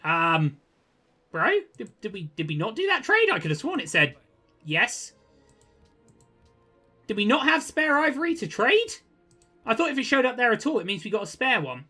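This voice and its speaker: A young man giving casual gameplay commentary, chatty and quick to get exasperated, with jokey asides. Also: sits high, big pitch swings, sharp tone, soft background music. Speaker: gaming video creator.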